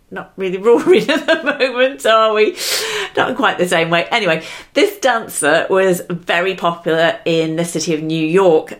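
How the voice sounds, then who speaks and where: Lady doing a solo podcast, chatty and giggly, voice a bit on the low side, talks right at you. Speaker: podcast host. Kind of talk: upbeat solo podcast talk.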